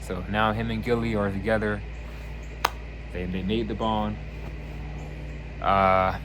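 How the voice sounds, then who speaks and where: A man casually reviewing a TV season on his channel, retelling scenes with lively energy and acting out lines. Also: on the low side, slow pace, background noise. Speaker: video reviewer.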